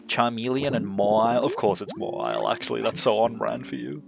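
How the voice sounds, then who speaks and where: A man's voice: on the low side, steady tone, a little fast, vocal fry, hardly any pauses. Profane, laughing male game streamer. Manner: profane, laughs often, thinks aloud. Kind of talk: casual gameplay chat. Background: game music.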